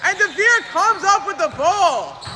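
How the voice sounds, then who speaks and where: A man doing live play-by-play for a league basketball game, excited and chatty, in an indoor gym. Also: extremely high pitch, unhurried, noisy background. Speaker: play-by-play commentator.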